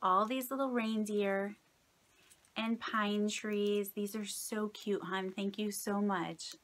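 A woman's voice: mid-range voice, steady tone, slow. A woman in her late thirties opening gifts from friends on her craft vlog, gushing and delighted as she thanks each sender. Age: 30s. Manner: gushing, delighted, soft-spoken. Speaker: craft vlogger. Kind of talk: casual mail-opening vlog.

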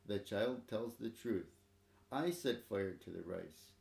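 A man's voice: on the low side, expressive, takes it slowly, vocal fry, darkish tone, roomy sound, heavily acted. A man voicing a commanding old village headman in a storybook reading, urgent and firm. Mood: grave.

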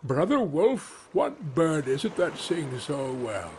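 A rude, impatient bear from a storybook fable, read aloud by a man. His voice sits a little higher than a plain reading and lands hard. He sounds blunt and dismissive. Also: big pitch swings, slow pace, a little mellow, slight background noise. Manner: blunt and insulting.

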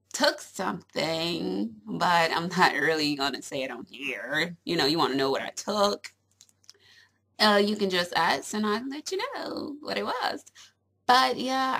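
A woman's voice: on the low side, gravelly, pushed and bright. A young woman chatting casually to camera at home. She is giggly and rambling and fills her talk with little asides. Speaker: vlogger.

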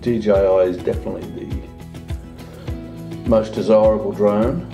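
A man's voice: fairly even intonation, takes it slowly, music in the background. A man talking casually through a home vlog, unboxing a drone and chatting as he goes. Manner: chatty, talks to his dog in a high singsong voice. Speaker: vlogger.

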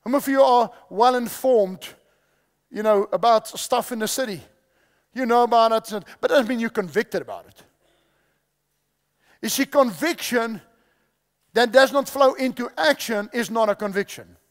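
Guy preaching, pretty high voice, repeats his points, asks the crowd stuff, big echoey hall. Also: normal speed, long pauses. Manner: repeats key phrases, quizzes the audience. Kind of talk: sermon. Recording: long hall reverb.

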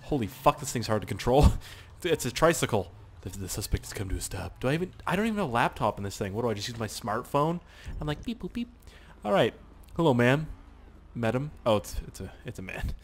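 A young man giving casual, excitable gameplay commentary, swearing and laughing as he plays. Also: medium pitch, fast talker, slightly rough. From Canada. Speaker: gaming YouTuber.

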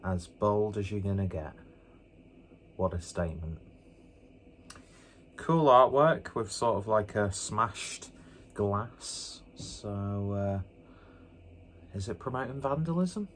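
A man's voice: on the low side, animated, takes it slowly, long pauses, fairly bright tone, slight background noise. A man doing a casual beer review vlog, rambling along with joking, self-mocking asides, indoors with a fan running.

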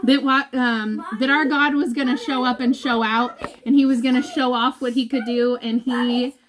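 A woman's voice: high voice, fairly even intonation, moderate pace, background noise. A woman giving a heartfelt, emotional vlog update to her followers from home, as a mother. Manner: heartfelt and emotional, talks of holding back tears. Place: at home indoors.

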